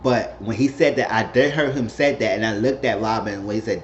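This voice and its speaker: A man's voice: fairly low pitch, fairly even intonation, brisk. A man casually recapping a reality show, rambling and acting out what people said. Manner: rambling, acts out quotes. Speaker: recap vlogger. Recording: dull roomy home recording with faint hum.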